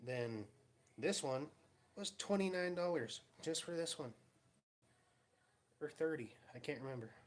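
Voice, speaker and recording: A man's voice: fairly high pitch, expressive, measured pace, long pauses. Laid-back man telling rambling stories. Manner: rambling, laughing storyteller who acts out quotes. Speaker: vlogger. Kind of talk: casual storytelling. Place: home garage.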